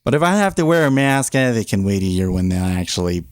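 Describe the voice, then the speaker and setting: A man's voice: lowish voice, sing-song, quick pace, dry recording, studio quality. A man hosting a day-trading livestream, chatting casually in a rambling, offhand way and talking to his baby in between.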